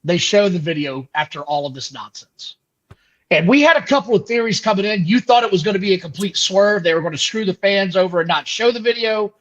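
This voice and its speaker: Male co-host, high and animated voice, dismissive recaps, muffled lo-fi recording. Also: brisk. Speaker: podcast co-host. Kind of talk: casual wrestling podcast chat. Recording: dull lo-fi audio.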